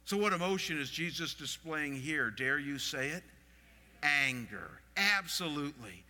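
A middle-aged man delivers a sermon in a high, very bright voice, questioning his listeners as he goes. His pastor's voice rings out with a long reverb from the hall around him. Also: measured pace. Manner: expressive, asks the audience questions.

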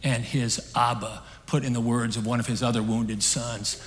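A male preacher delivering a sermon from a stage, his voice sitting at an ordinary middle pitch. He talks in an earnest, conversational way, pressing hard on key points and then dropping almost to a hush. His words trail off into the long reverb of a large hall. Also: flat delivery, normal speed. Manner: earnest, conversational storytelling, swinging between emphatic and hushed.

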